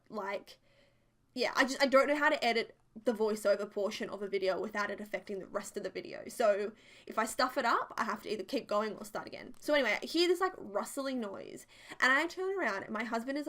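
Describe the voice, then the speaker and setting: A woman's voice: fairly high pitch, fairly bright tone. A young woman chatting through a casual home voiceover, rambling and full of "like" fillers. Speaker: game builder doing a voiceover. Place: home, near the bedroom.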